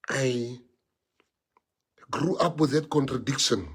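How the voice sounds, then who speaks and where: A man's voice: mid-range voice, takes it slowly, husky. A middle-aged South African man with a South African accent, giving an impassioned speech and often repeating and restarting phrases to press his points. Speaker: public speaker.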